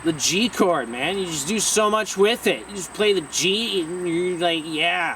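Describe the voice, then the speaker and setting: A young man from Ontario, Canada, with a high voice, answering fan questions with shouty, loose energy and frequent swearing. He sits back from the mic. Street and car noise come through clearly behind him. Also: normal speed, hardly any pauses, recorded from a distance. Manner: loud, shouty and excitable, swearing casually. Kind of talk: casual vlog Q&A.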